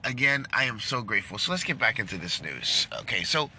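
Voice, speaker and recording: Outdoors amid loud traffic noise, a vlogger chats casually to camera in a brisk, medium-pitched voice. He tells an animated story, acting out the voices of the people in it.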